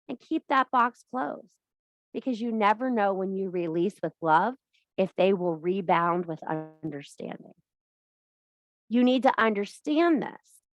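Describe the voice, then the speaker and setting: A woman's voice: on the high side, no room sound. A woman giving a casual spiritual pep talk about witchcraft, blunt and profane, hammering points home with repetition. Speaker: witchcraft teacher and live streamer.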